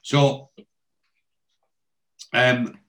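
A man's voice: mid-range voice, flat delivery, very slow, pushed and bright, rough recording. Man rambling through a recap. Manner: rambling, many fillers. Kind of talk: casual episode recap.

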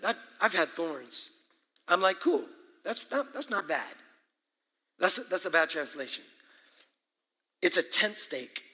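A man preaching a sermon as pastor, animated and emphatic, with asides and quick laughs. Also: on the high side, slightly rough. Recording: echoey hall with long reverb.

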